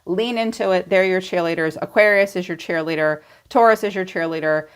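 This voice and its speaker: A woman's voice: fairly low pitch, fairly quick, smooth. Chatty, blunt woman reading tarot. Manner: blunt, chatty, swings into playful quoted voices. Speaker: tarot reader. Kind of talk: casual tarot reading to camera.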